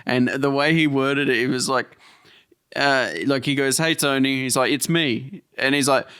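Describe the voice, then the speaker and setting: A man with a smooth, resonant voice talks through a film scene in loose, rambling podcast chat, often laughing and restarting his sentences. The sound is dry and close, with no room around it. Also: medium pitch, steady tone, moderate pace, fairly bright tone, no echo. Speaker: podcast co-host. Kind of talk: casual chat recapping a film.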